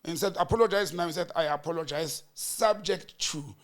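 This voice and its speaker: A man's voice: a little high, moderate pace. A South African man in a political chat show, retelling a heated hearing and acting out each side's words with rising emphasis. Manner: storytelling, acting out quoted exchanges with rising emphasis. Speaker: political commentator.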